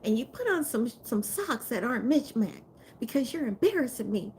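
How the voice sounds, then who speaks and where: A woman doing a fussy, high-pitched scolding wife, nagging and sharp. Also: sing-song, moderate pace, slight background noise.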